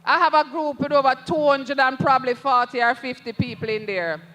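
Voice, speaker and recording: Speaking in a high, sharp voice, a parliamentary candidate with a Jamaican accent delivers a passionate rally speech, slow and emphatic. He keeps turning to address the party leader, and the sound carries the feel of a large room.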